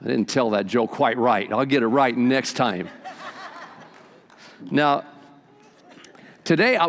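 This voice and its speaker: An older pastor preaches a sermon, folksy and animated as he tells stories to his congregation. His voice is mid-range, and he is speaking in a large hall.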